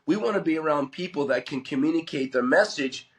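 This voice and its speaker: A man's voice: a little high, lively intonation, fairly quick. A man hosting a motivational podcast monologue in a studio, with a nasal voice from a head cold, earnest and emphatic. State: has a head cold, coughing. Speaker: host.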